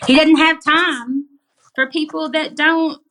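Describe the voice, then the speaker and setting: A middle-aged woman from Arkansas with a Southern accent, a podcast guest telling stories in emphatic, animated casual chat with plenty of swearing. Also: sits high, slow pace, a little hiss or hum.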